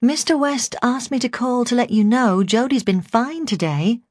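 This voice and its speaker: A bright, friendly female school secretary, put on by a woman narrator. Her voice lifts well above the narrator's own. It is recorded dry and close. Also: a little high, normal speed, dry recording, pitched above the performer's own voice, lightly acted.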